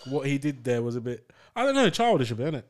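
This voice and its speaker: A man's voice: mid-range voice, very animated, fast. A man co-hosting a podcast, laid-back and playful, bantering in slang. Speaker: podcast co-host. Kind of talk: casual chat.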